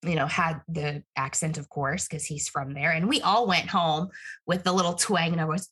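A young woman chatting casually, bubbly and quick to laugh. Her voice sits a little low and has a husky, breathy edge. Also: steady tone, a bit bright. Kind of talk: casual chat.

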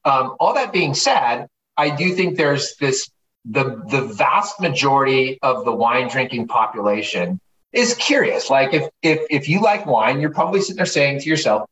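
A man telling wine stories casually as an interview guest, lively and profane, acting out the people he quotes. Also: mid-range voice, moderate pace. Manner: animated, profane, acts out quoted voices. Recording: roomy, distant mic, faint noise.

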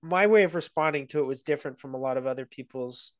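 A man's voice: mid-range voice, fast talker, no echo. Man, guest film analyst, thoughtful and rambling delivery, dry close sound. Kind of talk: casual conversation.

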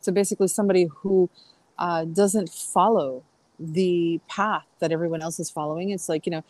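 A woman's voice: fairly low pitch, steady tone, normal speed, a little mellow, dry recording, rough recording. A middle-aged woman chatting as a podcast guest, rambling through stories with fillers and restarts. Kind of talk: casual podcast conversation.

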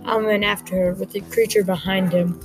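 A woman reads a story aloud in a quick, plain way, moving briskly from line to line. Her voice sits at a middling pitch. Music plays clearly underneath the whole time. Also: steady tone, rough recording. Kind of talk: reading an original story aloud.

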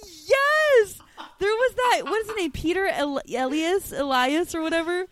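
A woman's voice: very high-pitched, expressive, unhurried, fairly bright tone, no room sound. A woman co-hosting a podcast, gushing and giggling as she tells stories in casual chat. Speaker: podcast co-host.

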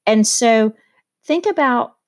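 A woman's voice: on the high side, lively intonation, slow. A woman teacher explaining a novel in a casual, conversational way, with many fillers and asides. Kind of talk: casual literature lesson.

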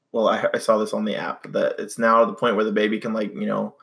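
A young man co-hosts a relaxed podcast, talking in a casual, meandering way. His voice sits a little low, and he keeps circling back with fillers and restarts. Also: gravelly. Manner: rambling, many fillers and restarts. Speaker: podcast co-host. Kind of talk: casual chat.

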